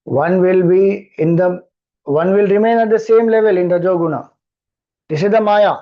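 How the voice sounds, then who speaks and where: A man's voice: high voice, moderate pace, lo-fi sound. A man with an Indian accent, a spiritual teacher explaining scripture, who keeps repeating verses and asking rhetorical questions. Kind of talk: scripture discourse.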